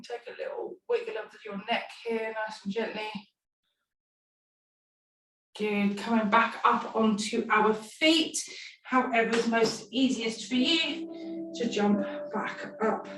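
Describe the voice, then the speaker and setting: A woman's voice: a little high, takes it slowly, a bit bright. A woman leading a stretch class, giving playful, encouraging cues. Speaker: fitness instructor. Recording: echoey room, far from mic, music behind. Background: background music.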